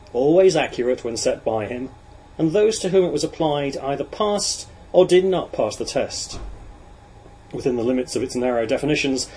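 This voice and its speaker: A man narrating a novel in a measured, even storytelling voice. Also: medium pitch, slight background noise, low-quality recording. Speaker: audiobook narrator. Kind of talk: reading a novel aloud.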